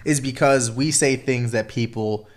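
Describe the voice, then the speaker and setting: A man's voice: medium pitch, measured pace. Profane young man rambling on a podcast. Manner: profane, rambling, laughs often. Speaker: podcast co-host. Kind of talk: casual podcast banter.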